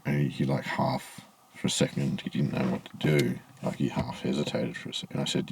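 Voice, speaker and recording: A man's voice: rumbling low, level tone, brisk, vocal fry, few pauses, a little hiss or hum. A man telling a rambling, aggrieved story to camera in a casual vlog, swearing freely, outdoors in the evening. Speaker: vlogger. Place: outdoors in low evening light.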